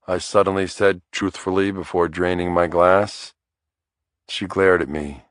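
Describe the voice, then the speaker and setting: A man narrating a thriller audiobook in the first person, in a wry, measured storytelling manner. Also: deep voice, steady tone, clean tone, no room sound, studio quality.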